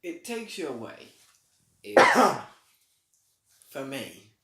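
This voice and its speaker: A man co-hosting a podcast, chatting casually with short, measured remarks. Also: a little high, very animated, pushed and bright, echoey room. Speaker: podcast co-host. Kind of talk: casual review chat.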